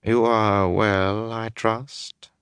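A man reading an audiobook voices a haughty, overly polite older high lord who speaks slowly and coolly. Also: big pitch swings, gravelly, no echo, clean studio sound, full character voice. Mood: cool politeness. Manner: languid, slow and coolly polite.

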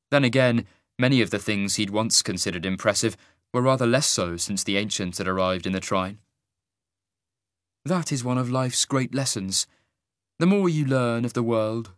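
Measured male audiobook narrator. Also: mid-range voice, fairly bright tone, no room sound, clean studio sound. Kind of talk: scripted fantasy narration.

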